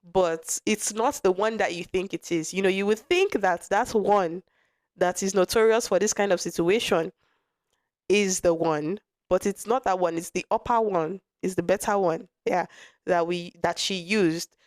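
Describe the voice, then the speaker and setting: Low-voiced woman podcast host. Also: normal speed, a little mellow, no room sound, studio quality. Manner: frank, conversational, with frequent restarts and asides. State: lingering cough affecting her voice. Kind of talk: candid personal storytelling.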